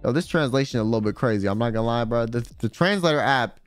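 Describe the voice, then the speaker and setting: A man's voice: mid-range voice, animated, quick pace, smooth, dry recording. A young man streaming, telling a rambling, slangy story in casual chat. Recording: faint music behind.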